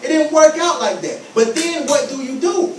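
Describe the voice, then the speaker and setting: A man's voice: very high-pitched, expressive, normal speed, darkish tone, roomy sound, recorded from a distance, slight background noise, low-quality recording. A man giving an emphatic motivational talk to students, repeating key phrases and acting out scenes. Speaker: motivational speaker.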